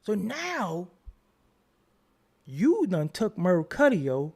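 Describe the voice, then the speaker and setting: A male show host roasting people on a livestream, swinging between hushed mutters and mock-outraged outbursts. His pitch leaps all over the place while his delivery stays slow and drawn out. The tone is teasing and theatrical throughout. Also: huge pitch swings, vocal fry.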